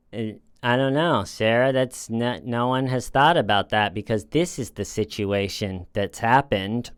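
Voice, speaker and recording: A man's voice: on the low side, moderate pace, few pauses, clean tone, dry recording, clean studio sound. A man hosting a casual commentary, talking in a sarcastic, mocking way. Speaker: commentary host.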